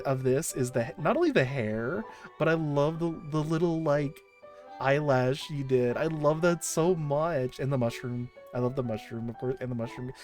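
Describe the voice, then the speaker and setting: A woman streamer chatting casually on a livestream, gushing and excitable, often restarting her sentences. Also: a bass voice, normal speed, soft background music.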